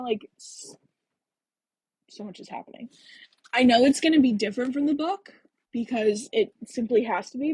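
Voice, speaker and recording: Young woman on a phone live stream, husky, dry close sound, reads a book then gushes and rambles. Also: mid-range voice, darkish tone, no echo. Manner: chatty, gushing, slangy. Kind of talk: casual reading and chat on a live stream.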